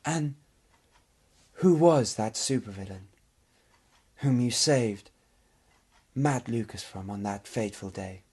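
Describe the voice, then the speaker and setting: A man playing a mock-earnest male TV field reporter, interviewing in a deadpan comedy sketch. His husky voice has a slightly rough edge. He asks his questions slowly and deliberately. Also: fairly low pitch.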